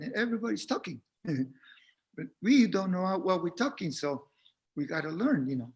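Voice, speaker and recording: A man with a notably high-pitched voice shares a reflective spiritual talk as a teacher. His delivery is gentle and unhurried, with frequent pauses and repeated words as he finds his way through each thought. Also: sing-song.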